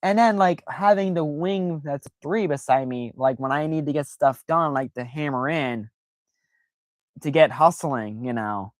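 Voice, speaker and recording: Casting: man hosting a casual livestream, rambling, filler-heavy, animated, dry close sound. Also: fairly high pitch, measured pace, no echo. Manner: rambling, many fillers and restarts; animated, jumps into playful exaggerated quoted voices. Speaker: livestream host.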